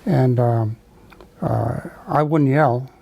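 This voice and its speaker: An older man from the United States, telling a wartime memory in an oral history interview, halting with many fillers and restarts. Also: medium pitch, creaky, dark tone, poor audio. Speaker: veteran interviewee.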